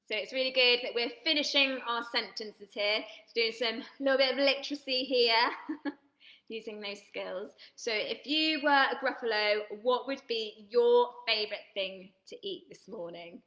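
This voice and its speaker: A woman's voice: on the high side, a little slow, sharp tone, reverberant. A woman leading an online drama workshop for children, cheerful and reading out viewers' comments, laughing and gasping often.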